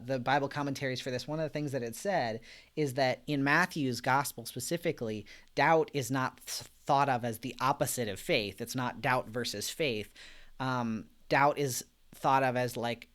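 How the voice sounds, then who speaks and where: This live-streamed Bible study is led by a man with a medium-pitched, clean-toned voice. He's casual and conversational, gentle and reflective, reading viewer comments and frequently using fillers and soft laughs.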